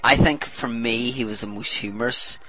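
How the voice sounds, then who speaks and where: A man's voice: medium pitch, steady tone, normal speed, pushed and bright, poor audio. A young man co-hosting a podcast, chatting casually with offhand, jokey remarks. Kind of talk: casual chat.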